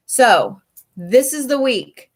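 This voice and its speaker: A woman's voice: on the high side, big pitch swings, slow pace, husky. A woman giving a casual live card reading from home, chatty and swearing freely. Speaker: live tarot reader. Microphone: streaming setup.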